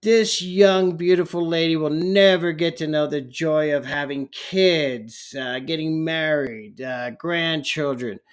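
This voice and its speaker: A man's voice: a little high, slow, few pauses, clear, resonant tone. A man ranting heatedly in a political commentary vlog, often stumbling over his words.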